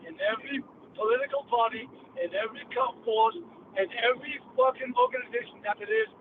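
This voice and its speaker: A man's voice: extremely high pitch, quick pace. An older man from England, ranting bluntly and profanely as a guest on a call-in show. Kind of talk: heated call-in rant. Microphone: phone line. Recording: tinny phone line with faint noise.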